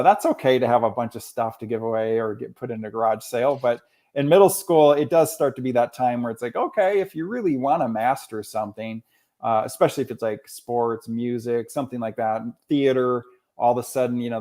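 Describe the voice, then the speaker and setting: A man's voice: medium pitch, a little fast. A man in his forties, a school counselor, talking casually as a podcast guest and telling stories with quoted dialogue. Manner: animated storyteller, often quotes others.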